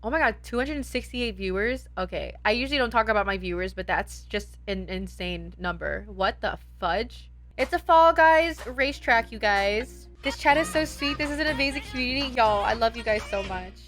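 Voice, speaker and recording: A woman's voice: fairly high pitch, moderate pace. A young woman streaming live, gushing and exclaiming as she thanks her viewers. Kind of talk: excited livestream chat with viewers. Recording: loud background music.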